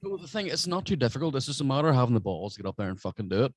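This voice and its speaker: A man's voice: medium pitch, racing, dry recording. A man, a stand-up comedian, telling brash, profane stories in casual podcast chat. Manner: swears constantly, brash and animated.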